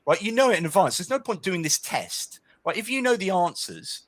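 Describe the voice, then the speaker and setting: A man's voice: high voice, sing-song, fairly quick, a bit bright, a little hiss or hum. A man speaking as a guest in a casual discussion, arguing animatedly and often checking in with "right?". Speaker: guest author.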